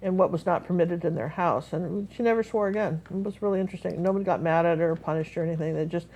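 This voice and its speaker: A woman with a somewhat low voice leads a live painting lesson. She chats and tells stories as she paints, rambling with plenty of fillers and restarts. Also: fast talker, mellow, husky, poor audio. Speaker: painting teacher. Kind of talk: live painting class, chatty storytelling.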